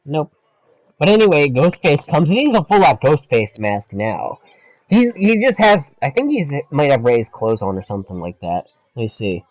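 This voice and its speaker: A man co-hosting a podcast in a loose, profane chat about a movie. His voice sits a little high and swings widely in pitch. The sound is dry and close, with no room around it. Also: huge pitch swings, normal speed, a little mellow, no echo, poor audio. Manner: loose and profane, quoting lines in mock voices. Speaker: podcast co-host. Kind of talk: casual movie review chat.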